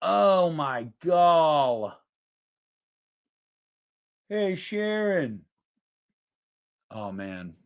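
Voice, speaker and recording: A man's voice: on the high side, sing-song, very slow, long pauses, clean tone, phone-quality sound. A man in his thirties hosting a livestream, chatting casually in a rambling, profane and joking way. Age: 30s. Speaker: livestream host.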